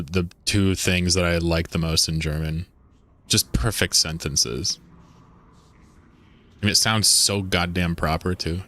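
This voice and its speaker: A man's voice: low-pitched, a little slow, sharp tone. A man live-streaming a game, chatting casually and joking with viewers, swearing now and then.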